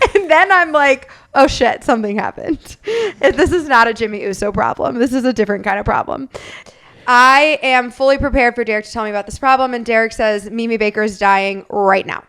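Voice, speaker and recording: Woman podcast co-host, animated anecdote, fairly high voice, smooth and clear. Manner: lively anecdotal storytelling, acting out quotes. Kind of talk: casual storytelling chat.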